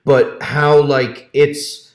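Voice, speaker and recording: A man's voice: mid-range voice, flat delivery. Enthusiastic man in an echoey room. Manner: enthusiastic, halting, many fillers. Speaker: actor guest. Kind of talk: casual panel chat. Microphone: video call. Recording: echoey room over video call.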